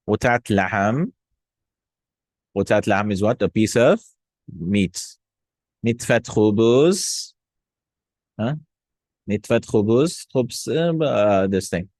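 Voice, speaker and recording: A man with a lowish voice teaches a casual language lesson, recorded close and dry. He says each word slowly and repeats it, and keeps checking in with little "hmm?" and "no?" prompts. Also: no room sound. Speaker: Arabic teacher.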